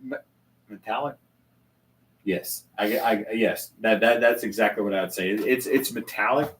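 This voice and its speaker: A man's voice: on the low side, a little slow, fairly bright tone. A man hosting a casual whiskey tasting chat at a bar, enthusiastic and full of stammering restarts, heard from a distant mic. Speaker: host.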